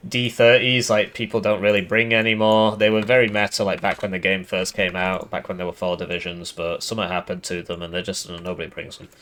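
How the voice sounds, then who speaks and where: Gamer guy, lowish voice, deadpan and sarcastic, rambles a lot. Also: fairly quick, hardly any pauses, a little hiss or hum. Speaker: gaming YouTuber. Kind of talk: casual game commentary.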